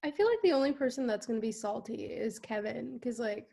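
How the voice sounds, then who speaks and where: A woman's voice: on the high side, expressive, a little fast, creaky, mellow. A young woman chatting casually as a podcast guest on a remote call, talking loosely with many fillers. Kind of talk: casual chat.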